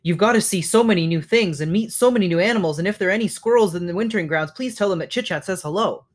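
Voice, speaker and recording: A man voicing a chatty, excitable male squirrel in a storybook reading, rattling his words off quickly. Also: sits high. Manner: rapid, rushed chatter.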